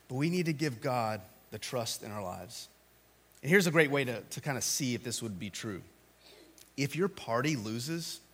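A man preaching a sermon, talking to the congregation in a casual way, with loud, animated bursts of emphasis. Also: mid-range voice. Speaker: pastor.

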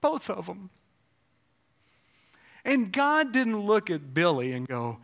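A man from preaches with a fairly high voice. He swings from loud exclamations down to hushed, tender lines, and his pitch leaps freely as he builds each point. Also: very animated, takes it slowly, vocal fry, pauses often. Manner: swings from shouting to hushed tones. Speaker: pastor. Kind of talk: sermon.

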